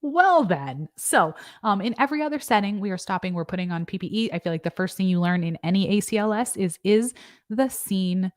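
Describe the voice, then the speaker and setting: A woman's voice: mid-range voice, expressive, fairly quick, no room sound, studio quality. A young adult woman nurse practitioner hosting a casual livestream, chatting and joking as she reads viewer comments. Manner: chatty and joking, with asides and fillers. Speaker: nurse practitioner and channel host.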